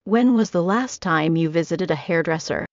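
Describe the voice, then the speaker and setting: Woman reader as a flamboyant Italian stylist, middle-aged man, low and gravelly, fussing and theatrical, storybook read. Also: animated, moderate pace, dry recording. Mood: fussy. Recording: dry, slightly dull audio.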